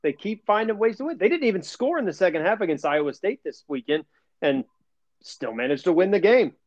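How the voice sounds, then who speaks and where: A man's voice: high-pitched, sing-song, a little fast, no echo. A man co-hosting a casual sports podcast, bantering and teasing his co-host. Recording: dull, lo-fi dry sound.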